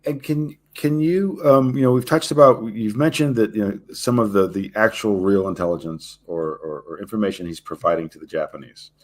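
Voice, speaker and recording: A man co-hosting a history show, asking long halting questions full of fillers. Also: lowish voice, a little mellow. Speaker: podcast co-host. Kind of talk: interview questions.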